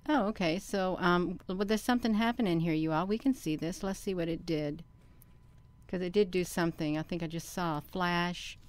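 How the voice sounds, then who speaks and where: A woman hosting a casual screen-share video, talking to herself by name and to her viewers, and breaking into loud excited exclamations. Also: on the low side, clear, resonant tone. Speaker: channel host.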